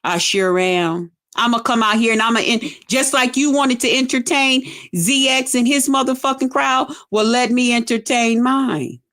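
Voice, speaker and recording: Middle-aged woman vlogger, fairly high voice, loud cursing rant, taunting and emphatic delivery. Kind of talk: profane on-camera rant.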